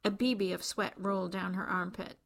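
A woman reading a novel aloud as an audiobook narrator, in even, measured storytelling. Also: medium pitch, creaky. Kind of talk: scripted narration.

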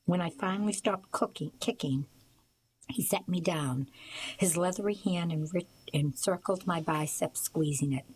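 A woman reading a novel aloud for a radio reading service, in a steady, plain storytelling manner. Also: fairly low pitch, moderate pace, a little hiss or hum, rough recording.

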